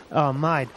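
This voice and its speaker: A man's voice: medium pitch, fairly bright tone, slight background noise. A man co-hosting a comedy podcast in a put-on Australian accent, joking and saying "mate" constantly. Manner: jokey, says "mate" constantly. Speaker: co-host. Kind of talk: improvised comedy podcast banter.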